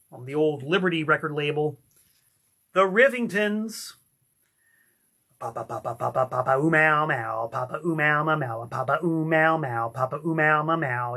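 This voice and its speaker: A middle-aged man who runs a record label, showing off records he found with excited exclamations and sung snippets. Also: a little high. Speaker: record label owner and vlogger. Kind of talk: enthusiastic record collection show-and-tell.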